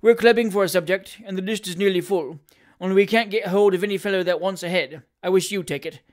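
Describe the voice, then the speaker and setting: A reader voicing a blunt, cocky young male medical student in a storybook reading, speaking briskly and offhandedly. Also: mid-range voice, natural voice.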